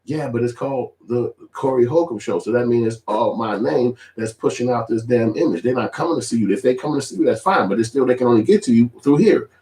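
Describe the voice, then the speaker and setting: A man in his forties giving casual, profane commentary, animated and switching into high mimicking voices. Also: quick pace, few pauses, reverberant. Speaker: video commentator.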